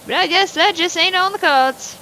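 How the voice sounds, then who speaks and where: A woman's voice: very high-pitched, normal speed, sharp tone, a little hiss or hum, voice pushed up. A woman voicing a hot-tempered older male farmer with a blustering drawl in a game.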